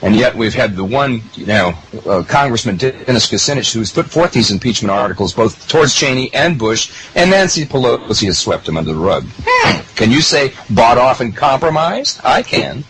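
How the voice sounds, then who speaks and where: A man's voice: a little fast, hardly any pauses, a little hiss or hum, low-quality recording. A man hosting a political commentary monologue for his listeners, emphatic and full of rhetorical questions. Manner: emphatic, rhetorical questions, lively pitch swings.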